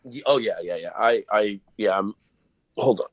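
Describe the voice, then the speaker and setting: A man actor on a video call, chatting casually and rambling with halting restarts. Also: lowish voice. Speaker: actor guest. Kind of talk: casual interview chat.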